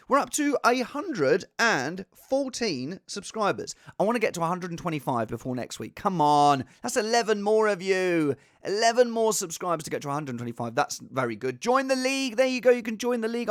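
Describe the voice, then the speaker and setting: On his home set with a green screen behind him, a man hosts a casual podcast and pokes fun at himself as he rambles. His voice is high-pitched and a bit bright, captured cleanly at studio quality without echo.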